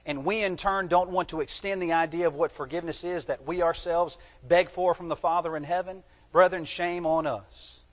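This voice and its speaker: A man delivers a sermon in a church sanctuary, his slightly high voice trailing off in the long reverb of a large hall. He reads old-fashioned scripture aloud, then breaks off to press home key words in an emphatic teaching manner. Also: fairly even intonation, moderate pace, few pauses. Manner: emphatic, teaching, tells listeners to underline words. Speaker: preacher.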